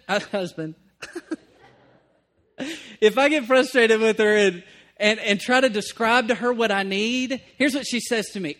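A man preaching a sermon, moving between emphatic bursts and hushed asides, often checking in with the room. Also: high-pitched, a little slow. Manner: conversational, checks in with listeners. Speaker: pastor.

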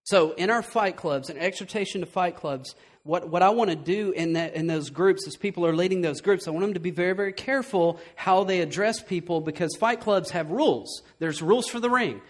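A man preaching to his church with a voice pitched well above most men's. He is animated and emphatic, and he keeps tossing rhetorical questions at the congregation. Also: brisk, hardly any pauses. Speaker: pastor. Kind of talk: sermon.

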